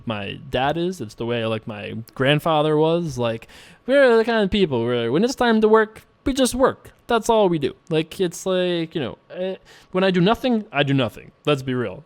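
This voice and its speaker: A man chats loosely through an online poker session, piling up fillers and tossing in playful little jokes. His voice is smooth and resonant, sitting at an ordinary middle pitch for a man. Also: no echo. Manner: rambling and playful, many fillers, frequent self-laughing asides. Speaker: poker video host. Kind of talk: casual commentary while playing online poker.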